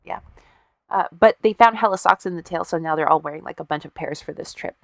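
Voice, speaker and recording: A woman's voice: deep voice, fairly quick, vocal fry, dry recording, studio quality. Wry, profane woman telling a story. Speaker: podcast co-host. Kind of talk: casual storytelling chat.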